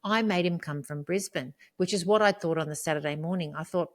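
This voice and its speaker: A woman, co-hosting a podcast, telling a painful personal story in a rambling way, swearing and rising into high outbursts. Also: fairly quick. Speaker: podcast co-host.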